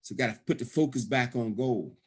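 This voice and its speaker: Man, middle-aged, sales pitch on a conference call, emphatic, repetitive, average pitch. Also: fairly quick, slightly rough. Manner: emphatic, repetitive, frequent "okay?" check-ins. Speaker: presenter of a business opportunity call.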